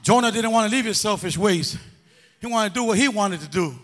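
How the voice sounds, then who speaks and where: A man preaches with a very high voice, urging his listeners to answer back and lilting into a half-sung rhythm. His sound rings with a long echo of a large church hall. The tone is bright and forceful. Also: lively intonation, brisk. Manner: call-and-response exhortation, breaking into sing-song. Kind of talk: sermon.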